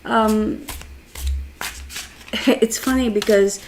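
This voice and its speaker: A woman's voice: fairly high pitch, steady tone, drawn-out words, slight background noise. Chatty woman hosting a tarot livestream. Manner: rambling, chatty, reads viewer comments aloud; laughs as she tells a personal story. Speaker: tarot live stream host. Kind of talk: casual live stream chat.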